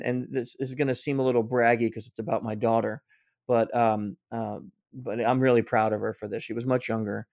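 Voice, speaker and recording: A man's voice: mid-range voice, a little mellow, dry recording, clean studio sound. A middle-aged man, a guest author, earnestly telling a personal story in conversation, often restarting his sentences.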